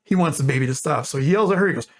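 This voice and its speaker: A man's voice: a little high, rapid-fire. A man telling a long joke casually, rambling and correcting himself in digressions, speeding up during asides. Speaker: channel host.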